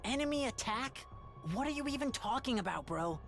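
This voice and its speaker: A laid-back young classmate with a lively, bouncing delivery, as a woman reads him out in a game. He talks in casual, offhand slang and sounds soft, with faint music behind. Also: a little high, a little fast. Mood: teasing. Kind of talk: reading a visual novel aloud.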